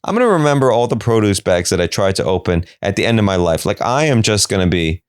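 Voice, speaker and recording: A man hosting his own podcast, talking through a comedic solo monologue and jumping into high, silly voices whenever he quotes someone. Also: big pitch swings, fast talker, smooth, no room sound, studio quality. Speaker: podcast host.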